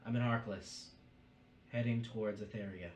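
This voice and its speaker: A man's voice: lowish voice, fairly even intonation, a little mellow, echoey room, dull audio, slight background noise, close to an everyday voice. Man doing a hesitant, honest elf. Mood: sheepish. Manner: hesitant, halting. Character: hesitant honest elven figure.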